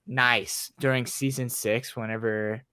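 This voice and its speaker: A man co-hosting a casual podcast, rambling excitedly with lots of "like" and restarts. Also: mid-range voice, unhurried, smooth, dry recording, clean studio sound. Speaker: podcast co-host.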